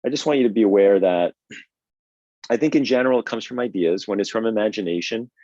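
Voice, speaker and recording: A man with a lowish voice teaches drawing on a live stream, talking in an energetic, conversational way. He keeps asking "right?" as he builds his ideas out loud. The sound is dull and lo-fi, with a dry, close feel and no room echo. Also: fast talker. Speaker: drawing instructor and host. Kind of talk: live online drawing lesson.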